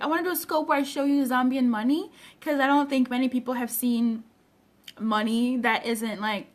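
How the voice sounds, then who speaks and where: Young woman life coach, high voice, effusive, casual livestream chatter. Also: fairly bright tone. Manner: bubbly, gushing greetings with big pitch jumps. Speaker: personal development coach livestreaming. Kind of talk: casual livestream chat, greeting viewers.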